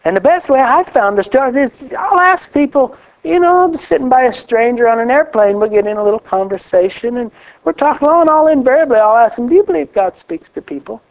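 High-voiced animated male preacher. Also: a little fast. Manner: animated, folksy preaching with laughs and rising exclamations. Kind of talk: sermon. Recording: dull lo-fi recording.

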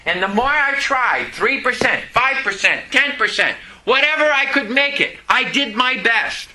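Animated high-voiced male preacher, echoey. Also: measured pace. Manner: storytelling, rising to loud impassioned outbursts. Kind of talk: sermon. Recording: echoey room.

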